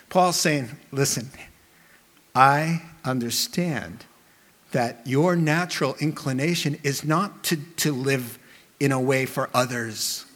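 A man preaching a sermon as pastor, animated and emphatic, asking his listeners rhetorical questions. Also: on the high side.

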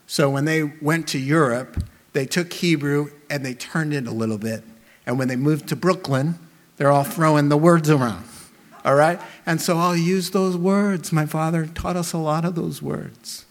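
A man preaching a sermon as pastor, animated and emphatic, asking his listeners rhetorical questions. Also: on the high side, normal speed.

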